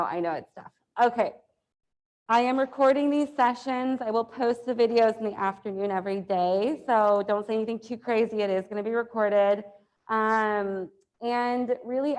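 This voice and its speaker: Woman, hoarse voice, chatty classroom instructor, upbeat, lots of fillers, lapel mic. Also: medium pitch. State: hoarse from allergies. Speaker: exam review instructor. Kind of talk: classroom lecture.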